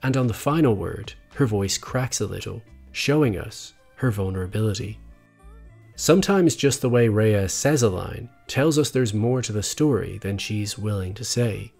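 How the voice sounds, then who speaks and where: A man narrating a scripted video essay in a measured, analytical way. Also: fairly low pitch, lively intonation, vocal fry, a little mellow. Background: faint background music.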